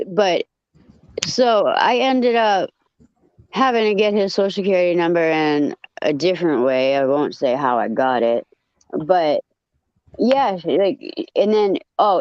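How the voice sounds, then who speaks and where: Blunt, profane woman guest, lowish voice, dry dull lo-fi sound. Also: clear, resonant tone, no room sound. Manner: blunt and profane, animated retelling. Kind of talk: casual storytelling.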